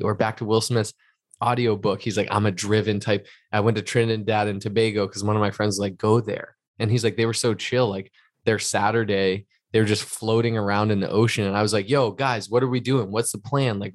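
Earnest low-voiced man, motivational chat. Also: no room sound, studio quality. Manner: earnest, reflective motivational talk. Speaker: podcast co-host. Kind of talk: casual chat.

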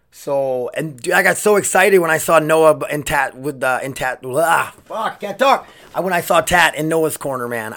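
A young man with a medium-pitched, slightly bright voice hosts his own podcast in a casual solo monologue. He rambles, restarts sentences, and swears freely.

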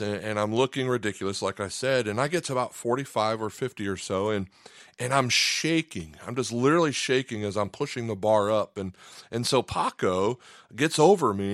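A man's voice: on the low side, a bit bright, dry recording, clean studio sound. A man preaching a sermon in an easygoing, conversational way, often repeating a word as he starts a phrase. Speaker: pastor.

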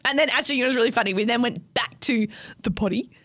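A woman's voice: on the high side, quick pace, no room sound. A young Australian woman co-hosting a podcast, telling stories in casual chat and laughing often. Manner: animated storytelling, frequent laughing, swears. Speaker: podcast co-host.

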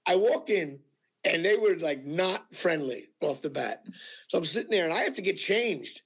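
A male actor telling anecdotes in a casual interview, animated and full of fillers, acting out what people said. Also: fairly high pitch, normal speed, breathy edge. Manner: animated storyteller with many fillers, acting out quotes. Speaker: actor guest.

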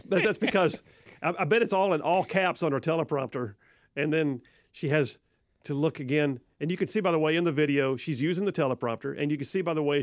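A man's voice: fairly high pitch, no echo, clean studio sound. A man hosting a talk radio show, delivering an emphatic, sarcastic opinion monologue that repeats for effect.

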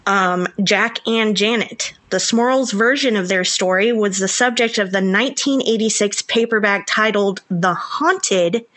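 A woman with a Southern US accent co-hosting a podcast in giggly, animated, casual chat. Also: fairly high pitch. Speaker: podcast co-host.

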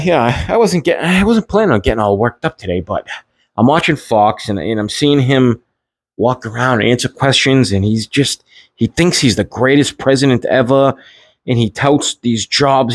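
A man delivering a casual, heated political rant, halting and restarting, with frequent swearing. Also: medium pitch, no echo, studio quality. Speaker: political commentator. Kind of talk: casual ranting monologue.

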